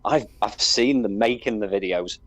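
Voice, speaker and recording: A man with a Scouse accent talks in a low, deep voice, measured and hesitant as he makes his point. The recording is very dry with no room sound. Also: dry recording. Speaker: guest. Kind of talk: casual discussion.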